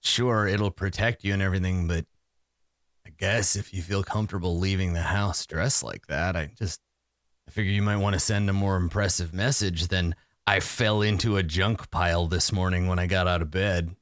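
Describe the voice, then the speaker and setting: A man's voice: deep voice, steady tone, normal speed, a bit bright, no echo, studio quality, voice pushed down. A man voicing a laid-back male shopkeeper who drawls and talks like a slacker. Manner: drawling, unbothered slacker talk. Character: laid-back male shopkeeper, low and mellow, calls people dude and bro.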